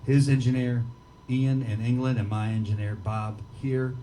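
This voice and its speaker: A man's voice: medium pitch, little pitch movement, moderate pace, warm tone, a little hiss or hum. A man with a Midwestern American accent chatting and joking with the crowd between songs at a small bar gig. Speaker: singer-songwriter on stage. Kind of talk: rambling on-stage banter between songs. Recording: live PA from a distance, guitar playing.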